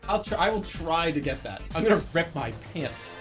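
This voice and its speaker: A man streaming live, talking in an animated, jokey way and slipping in and out of silly voices. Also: a little high, normal speed, music in the background.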